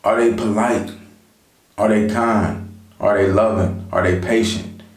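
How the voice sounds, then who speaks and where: In an echoey room, a man with a voice on the low side talks at a measured pace and steady tone. He's vlogging life advice conversationally to camera, addressing viewers directly and frequently saying "you know."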